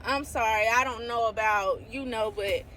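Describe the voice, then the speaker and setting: A woman talking casually to camera about her faith, excitable and exclaiming often, sometimes reading scripture aloud. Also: fairly high pitch, moderate pace, a little hiss or hum. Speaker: faith vlogger.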